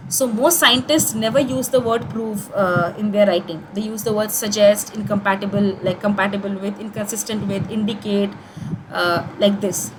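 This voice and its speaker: A woman's voice: medium pitch, normal speed, background noise. A young woman with an Indian English accent, giving an online course tutorial in a conversational way, with many fillers and restarts.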